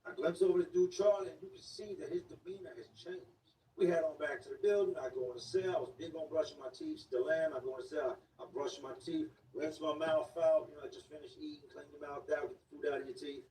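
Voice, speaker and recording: A man's voice: on the high side, fairly even intonation, quick pace, few pauses, mellow. A man telling a story in a casual, slangy way, repeating words for emphasis. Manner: slangy, repetitive street talk. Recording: echoey room, distant mic, faint noise.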